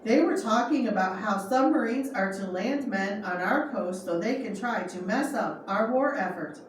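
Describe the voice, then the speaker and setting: A woman's voice: medium pitch, lively intonation, normal speed, close to an everyday voice. A woman reading as a worked-up drunk man. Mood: angry. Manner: blunt, worked-up talk. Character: sobering drunk man, angry and patriotic. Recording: echoey room, far from mic, faint noise.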